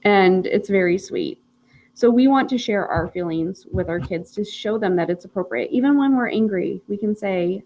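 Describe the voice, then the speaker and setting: A woman in her thirties leads a casual parenting lesson on a live stream. Her speaking voice has a gravelly, creaky texture. A faint hum sits under the recording. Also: mid-range voice, lively intonation, normal speed, poor audio. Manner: chatty, warm storytelling with frequent "like" fillers. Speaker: parenting class teacher.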